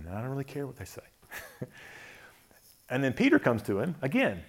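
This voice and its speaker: A man giving a reflective talk on faith, thoughtful, often chuckling softly and listing words slowly. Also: mid-range voice, wildly swooping pitch, breathy edge.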